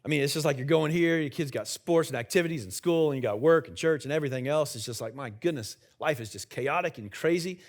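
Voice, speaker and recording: A man's voice: fairly high pitch, fast talker, few pauses. Conversational man preaching a sermon. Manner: conversational, jokes with the congregation. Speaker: senior pastor. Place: church sanctuary with live congregation.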